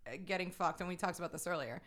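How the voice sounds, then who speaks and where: A woman's voice: lowish voice, rapid-fire, a bit bright. A woman co-hosting a podcast in casual chat, recapping a film in an exasperated, laughing way. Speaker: podcast co-host.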